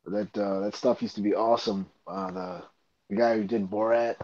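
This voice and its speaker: A man's voice: on the low side, sing-song, normal speed, creaky, warm tone, lo-fi sound. A man in casual chat, laid-back and swearing freely.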